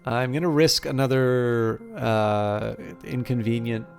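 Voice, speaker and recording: A man's voice: mid-range voice, fairly even intonation, slow pace, vocal fry, soft background music. A man streaming a game late at night, tired and rambling with lots of fillers. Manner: rambling and hesitant, many fillers. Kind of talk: casual live-stream chat while playing.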